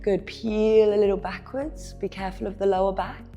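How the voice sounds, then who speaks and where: A woman instructor guiding a yoga class with calm, encouraging cues while she moves, a bit out of breath, sometimes dropping to a whisper. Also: medium pitch, moderate pace, dull audio, faint music behind.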